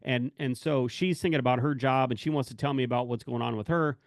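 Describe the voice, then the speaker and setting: A man's voice: medium pitch, fast talker, dry recording, clean studio sound. A man who works in corrections talks candidly about work and family, rambling and correcting himself as he acts out bits of dialogue. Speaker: corrections officer speaking to staff.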